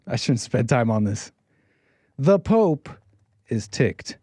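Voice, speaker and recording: A man's voice: mid-range voice, very animated, slow pace, warm tone, dry recording, studio quality. A man hosting a call-in livestream show, talking in a brash, rambling way with playful catchphrases. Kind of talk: casual livestream monologue.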